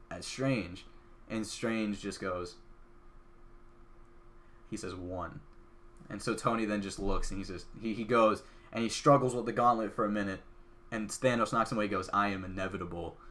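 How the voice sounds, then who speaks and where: A podcast host, a man, talks through a film's plot in an eager, rambling way, with lots of "like" fillers. His voice sits somewhat low. He sounds casual and caught up in the story. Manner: excitable, chatty, lots of "like" fillers. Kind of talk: casual movie recap.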